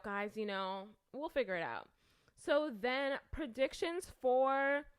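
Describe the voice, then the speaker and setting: A young woman who makes videos talks through her thoughts casually, chatty and self-conscious, piling on fillers and restarting often. Her voice is a little high and smooth, with no echo.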